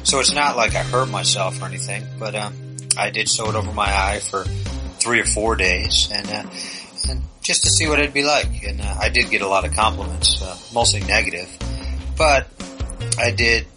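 A man co-hosting a podcast, telling absurd stories in a deadpan, joking way. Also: on the low side, moderate pace, music in the background, rough recording. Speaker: podcast co-host. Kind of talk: casual podcast chat.

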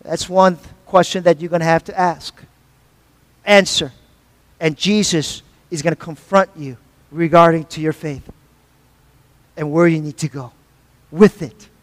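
A man's voice: a little high, fairly even intonation, unhurried, long pauses, in a large hall. A man preaching a sermon, asking the congregation for replies and repeating phrases for emphasis. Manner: preaching with call-and-response asides. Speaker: pastor.

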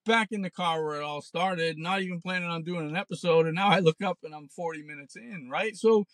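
A man's voice: on the high side, brisk, a bit bright, no echo. A man in his forties hosting a podcast, ranting bluntly and sarcastically with plenty of swearing, recorded in a parked car. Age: 40s. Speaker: podcast host. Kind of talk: ranting casual monologue.

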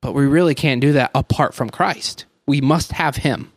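A man co-hosting a podcast, explaining Scripture in casual, earnest talk with slow, stressed words. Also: medium pitch, no echo, studio quality. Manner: earnest, thinking aloud with many "like"s and slow emphatic stresses. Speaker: podcast co-host. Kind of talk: casual Bible teaching chat.

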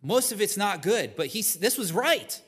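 A man preaching a sermon with a slightly high voice, in a church hall with a long, ringing reverb. He talks to the congregation in a conversational, plainspoken way and keeps checking in with them. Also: big pitch swings, moderate pace, a bit bright, slightly rough. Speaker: pastor. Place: church sanctuary.

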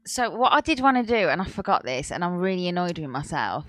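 A woman co-hosts a relaxed podcast chat. Her voice is bright and moves a lot in pitch, and she plays her younger self when she tells a story. The sound is close and dry. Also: quick pace, no echo. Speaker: podcast co-host. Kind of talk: casual chat.

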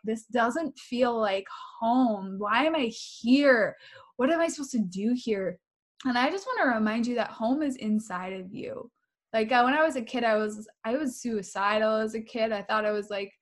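Emphatic high-voiced woman. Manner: candid, emphatic, repeats phrases. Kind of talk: casual spiritual chat.

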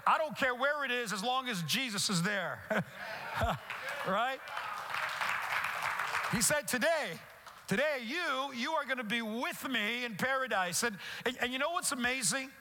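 High bright-voiced preacher in a reverberant hall. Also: male voice, expressive, measured pace, long pauses, noisy background. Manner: earnest preaching, repeats words and restarts phrases. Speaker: pastor. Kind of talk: sermon. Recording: echoey hall with long reverb.

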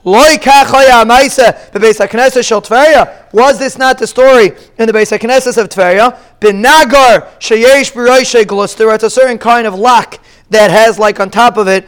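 A man giving a daily Talmud lesson, reading the text and explaining it in a casual, animated way with rhetorical questions. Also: very high voice, normal speed, clear, resonant tone. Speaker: Talmud teacher.

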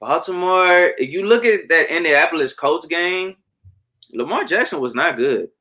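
Lively bright-voiced man talking sports bets. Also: on the high side, normal speed. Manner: animated, repeats words for emphasis. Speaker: sports betting podcast co-host. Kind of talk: casual sports betting chat.

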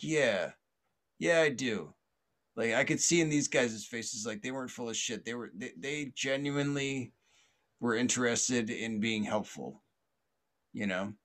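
A man hosting a podcast, telling a story casually with many fillers and restarts, often laughing and acting out the voices of others. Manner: acts out quoted voices loudly and higher. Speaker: podcast host.

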